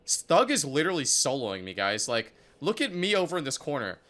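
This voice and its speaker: A young man giving casual commentary on his own competitive match, excitable and profane, full of "like" and "dude". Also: on the high side, fairly quick. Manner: excitable, profane, filler-heavy talk. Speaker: esports player reviewing his match.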